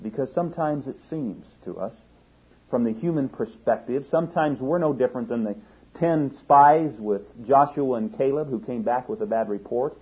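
A man delivers a sermon with earnest emphasis, leaning hard on key words and now and then restarting a phrase. His voice is husky and sits at a middling pitch. The recording sounds dull and lo-fi. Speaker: preacher.

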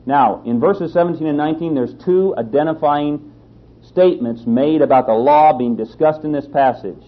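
A man's voice: fairly high pitch, moderate pace. A man teaching a sermon on scripture, who speaks emphatically, repeats his key phrases and asks rhetorical questions. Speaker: Bible teacher. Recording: slightly dull lo-fi sound.

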